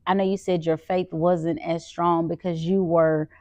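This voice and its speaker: A woman's voice: lowish voice, little pitch movement, unhurried, mellow, no echo, muffled recording. A woman hosting a podcast, asking questions and affirming her guest often. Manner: supportive, affirming, frequent backchannels. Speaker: podcast host. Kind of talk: casual interview.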